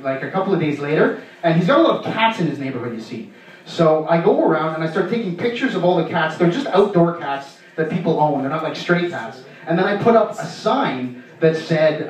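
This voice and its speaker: A young man from Canada works through a stand-up set, his voice sitting a little high. He rambles, stumbles and restarts between bits. The sound is very echoey and set back from the mic, like a small club heard from across the room. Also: recorded from a distance. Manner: rambling, halting delivery with many fillers and restarts. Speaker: stand-up comedian. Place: comedy club stage.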